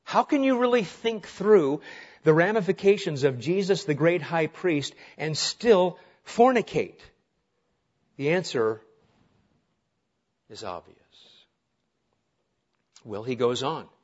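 A man's voice: on the high side, very animated, takes it slowly, long pauses. A male pastor preaching an earnest, emphatic sermon, asking his listeners rhetorical questions. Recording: dull lo-fi sound.

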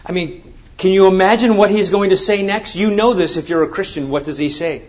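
A man's voice: high voice, a little fast, a little mellow. A man preaching a sermon, reading scripture and then explaining it with emphatic, rising exclamations. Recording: dull lo-fi sound.

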